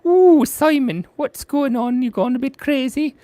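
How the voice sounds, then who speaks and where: A man putting on a squeaky, giggly falsetto voice to tease himself. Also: measured pace, warm tone, no echo. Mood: teasing.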